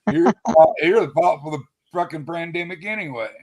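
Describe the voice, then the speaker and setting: Gravelly man, gruff interruptions. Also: fairly high pitch, a little fast, crowd noise. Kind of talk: heated political argument.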